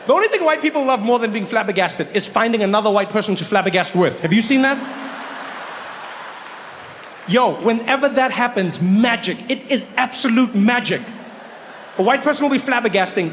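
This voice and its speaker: Animated stand-up comic. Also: male voice, sits high, slight background noise. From South Africa. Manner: animated storytelling, acts out characters in shifting voices. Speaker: stand-up comedian. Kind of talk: stand-up comedy. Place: stage before a live audience.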